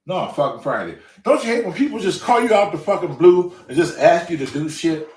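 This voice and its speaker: A man rants through a story in a loose, profane monologue, his voice jumping high and low as he works himself up. He sits a little back from the mic in an echoey room, and his pitch sits somewhat high for a man. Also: brisk, far from the mic. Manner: profane, ranting, animated storyteller. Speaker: show host. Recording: roomy, away from the mic.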